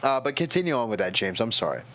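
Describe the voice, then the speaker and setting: A man's voice: mid-range voice, big pitch swings, quick pace, a bit bright, slight background noise. A tipsy man streaming, rambling in casual chat and talking to his chat moderators.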